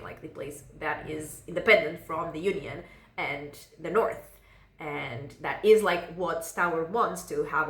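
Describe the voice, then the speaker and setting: A woman's voice: sits low, a bit bright, echoey room, a little hiss or hum. A woman casually recapping a novel for her book vlog, rambling and filling gaps with "like". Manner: rambling, fills with "like". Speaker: book vlogger.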